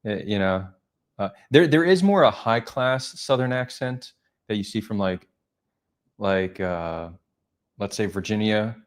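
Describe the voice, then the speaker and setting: A male live-stream host with a lowish voice chats casually. He thinks out loud, asks questions and pads his thoughts with fillers. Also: expressive, measured pace. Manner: curious, thinking aloud with fillers.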